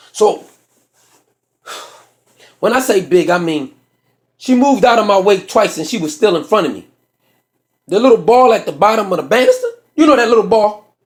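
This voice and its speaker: A man telling a profane comic story on stage, acting out the people in it. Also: sits high. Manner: profane, animated storytelling with acted-out voices. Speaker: stand-up comedian. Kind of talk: stand-up storytelling.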